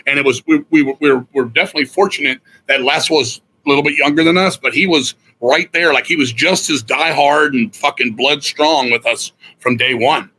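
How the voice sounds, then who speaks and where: A man with a raspy voice telling his story in a casual chat, blunt and swearing freely. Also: mid-range voice, fairly quick, hardly any pauses, pushed and bright, rough recording. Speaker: guest musician.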